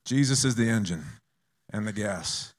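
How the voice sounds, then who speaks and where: A man's voice: lowish voice, normal speed. A man preaching a conversational sermon, reading scripture and having the congregation repeat lines back. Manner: lively, conversational preaching with call-and-response. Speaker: pastor.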